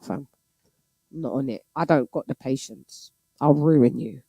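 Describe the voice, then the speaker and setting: A woman's voice: sits low, moderate pace, vocal fry, mellow, dry recording. A woman hosting a boxing live stream, blunt and exasperated, swearing freely. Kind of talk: casual live-stream chat.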